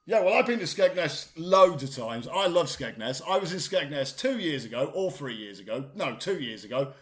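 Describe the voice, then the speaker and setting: Excitable man, lively pitch. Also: normal speed. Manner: excitable, animated, stumbling repeats. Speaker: co-host. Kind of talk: comedic podcast banter.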